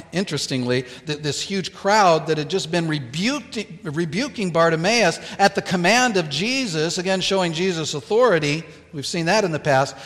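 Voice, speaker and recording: A man preaching a sermon, telling a Bible story in a slow, deliberate way with dramatic pauses. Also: high voice, a bit bright, big-room sound. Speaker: pastor.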